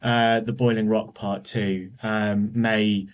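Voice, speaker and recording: A man's voice: on the low side, little pitch movement, slow. A man talking as a guest on a podcast, enthusiastic and often restarting his sentences. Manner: enthusiastic, many restarts and fillers. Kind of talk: casual podcast discussion.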